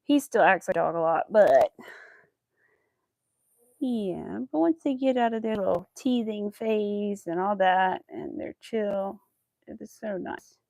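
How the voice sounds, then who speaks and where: A woman's voice: medium pitch, a little slow, vocal fry, darkish tone, no room sound. A woman crochet vlogger chatting casually to her viewers and her dog, cooing baby talk at the pet.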